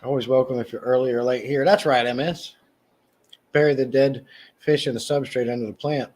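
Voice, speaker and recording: A man's voice: steady tone, a little mellow. A man hosting a casual livestream, answering viewers' comments by name in a rambling way with frequent restarts. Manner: mock sales pitch, slow and emphatic. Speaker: livestream host. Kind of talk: casual live chat reading comments.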